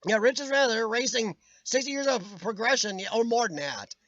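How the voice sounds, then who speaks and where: Man, fairly high voice, opinionated live-stream host, ranting, slightly worn voice, dry, muffled lo-fi mic. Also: normal speed, fairly bright tone, dry recording. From United States. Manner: opinionated ranting, answers chat comments by name. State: starting to lose his voice. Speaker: livestream host reading chat. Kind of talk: casual live-stream chat.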